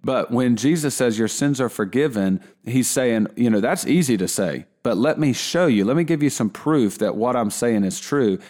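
A man giving a relaxed Bible lesson in a conversational way, often restarting his sentences. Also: medium pitch, normal speed, few pauses. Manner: conversational, with frequent restarts and fillers. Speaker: Bible teacher.

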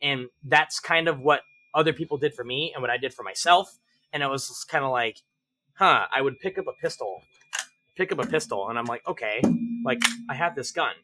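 A man as a podcast guest, telling stories animatedly, swearing freely and acting out shouted range commands. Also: medium pitch, a little fast. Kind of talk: casual interview chat.

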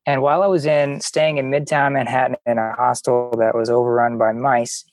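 A man chatting as a podcast guest, telling enthusiastic, animated stories. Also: medium pitch, brisk, rough recording. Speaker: podcast guest, travel company marketer. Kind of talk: casual storytelling chat.

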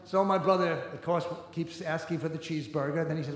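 Fast-talking and fairly even in intonation, a middle-aged man with a higher voice shares a personal story from the stage of a big hall full of listeners. The hall's roomy reverb colors the recording as he chats along casually, full of "you know" asides.

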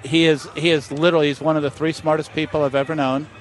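Man, master distiller, interview guest, animated storyteller, slightly high voice, outdoor festival. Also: quick pace.

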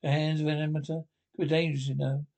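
Level-headed cartoon cavewife, dry and scolding, 1960s cartoon. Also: female voice, low-pitched, level tone, quick pace, vocal fry, mellow.

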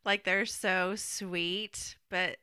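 A woman co-hosting a podcast in casual chat, laughing often and dropping into soft asides. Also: lowish voice, steady tone, drawn-out words, over a noisy crowd. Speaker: podcast co-host.

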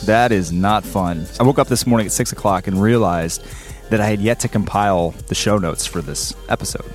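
A man's voice: fairly low pitch, a little fast, soft background music. Upbeat man hosting a podcast. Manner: upbeat, joking host banter. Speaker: podcast host. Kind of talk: casual podcast chat. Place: podcast studio.

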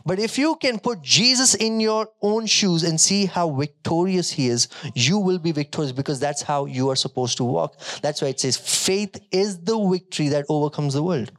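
A male pastor preaching a sermon, emphatic, moving between strong declarations and quieter storytelling. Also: sits high, lively intonation, moderate pace.

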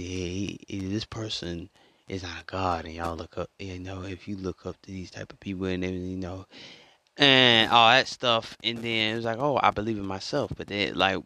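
A man's voice: on the low side, pushed and bright. A man telling a story in a casual monologue, rambling and repeating himself as he goes. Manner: rambling and repetitive, restarts a lot. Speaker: vlogger.

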